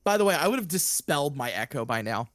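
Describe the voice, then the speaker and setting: A man playing a tabletop game who chats quickly and mocks himself. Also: on the high side, sing-song, fairly bright tone, no echo. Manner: quick, self-mocking, chatty. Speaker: player. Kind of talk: casual tabletop play.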